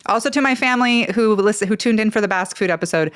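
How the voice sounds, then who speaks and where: A woman's voice: medium pitch, fast talker, clean tone, no room sound. Brief: woman podcast host, playful and self-mocking, laughs a lot, dry close sound. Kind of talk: casual local news chat.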